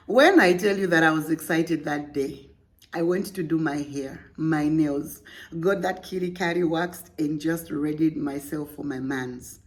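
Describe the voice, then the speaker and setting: Lower-voiced woman podcast host. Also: unhurried. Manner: playful, laughing, teasing asides. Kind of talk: reading a listener story aloud with commentary.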